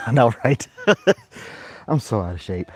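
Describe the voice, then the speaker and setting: Lively man talking to his dog. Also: takes it slowly, slight background noise. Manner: playful baby-talk to his dog, high and loud. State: out of breath. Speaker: host. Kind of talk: casual live-stream chat.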